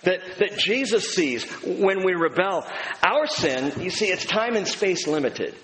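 Man, pastor, preaching to his congregation, emphatic then hushed, slight hum behind, echoing hall. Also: animated, unhurried. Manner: swings between emphatic raised delivery and hushed low tones; conversational and direct with the audience. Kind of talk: sermon. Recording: long hall reverb, faint background noise.

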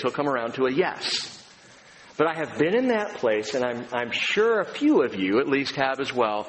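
Man preaching in an echoey hall. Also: medium pitch. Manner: conversational preaching with acted-out quotes. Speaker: pastor. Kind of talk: sermon. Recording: echoey hall recording with faint ambience.

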